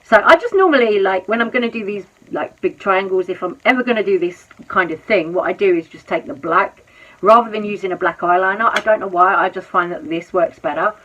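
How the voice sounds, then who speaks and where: A woman's voice: mid-range voice, a little fast, fairly bright tone, muffled recording. A woman vlogger chatting casually about drama while doing her makeup, exclaiming and repeating words for emphasis. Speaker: commentary vlogger.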